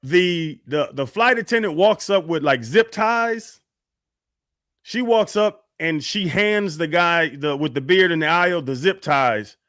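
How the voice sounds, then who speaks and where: Male radio co-host, a bit high, dry studio sound, animated storyteller. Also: a little slow, no echo. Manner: animated storyteller, acts out quotes. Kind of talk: casual storytelling on sports radio.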